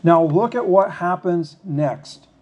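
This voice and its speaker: A man preaching a sermon, reading scripture slowly and then talking it through in a conversational, questioning way. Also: high voice, lively intonation, darkish tone, slight background noise. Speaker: pastor.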